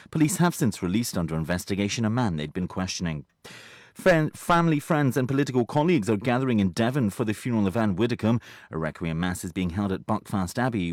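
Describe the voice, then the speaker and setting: A man reads a radio news bulletin in a brisk, formal way. His voice sits fairly low. The studio sound is very dry and close, with no room echo. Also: a little mellow. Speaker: newsreader.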